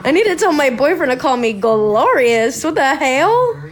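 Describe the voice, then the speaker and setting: Blunt, excitable woman podcast host. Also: high-pitched, normal speed. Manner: blunt, swears freely, excitable. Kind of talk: casual reaction commentary while watching TV.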